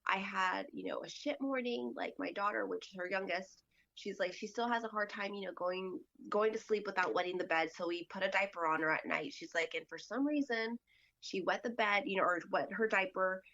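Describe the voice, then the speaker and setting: Here a brisk woman with a sharp tone and medium pitch guests on a podcast, the audio sounding dull. Her storytelling is casual and chatty, packed with fillers, and she acts out what other people said.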